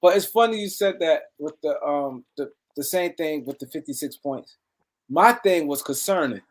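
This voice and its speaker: A man's voice: a little high, moderate pace. A man co-hosting a casual sports chat, mostly giving short agreeing replies and restarting his sentences. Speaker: co-host.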